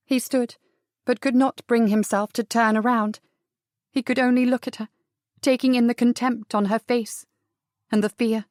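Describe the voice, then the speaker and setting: A woman narrating a historical romance audiobook, in a measured, even reading with the dialogue softened. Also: fairly high pitch, dry recording, studio quality. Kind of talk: scripted narration.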